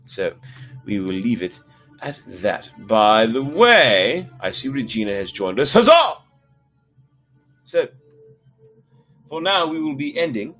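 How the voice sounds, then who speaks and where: Male storyteller host, relaxed read-aloud, chatty with fillers between chapters. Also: mid-range voice, measured pace, soft background music. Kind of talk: reading a children's book aloud on a livestream.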